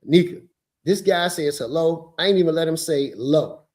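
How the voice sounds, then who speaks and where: A man in his fifties, a podcast host telling a story in an emphatic, animated way. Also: fairly high pitch, moderate pace.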